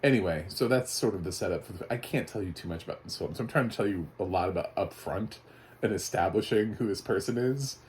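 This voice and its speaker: A man's voice: lowish voice, fast talker, slight background noise. A man giving a casual, chatty spoken movie review, often laughing. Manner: chatty, laughing, mock voices for quotes.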